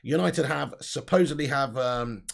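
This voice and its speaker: A man's voice: medium pitch, moderate pace, gravelly. A young man hosting a live fan stream, chatting and laughing while he reads out viewer comments. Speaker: host of a fan channel livestream.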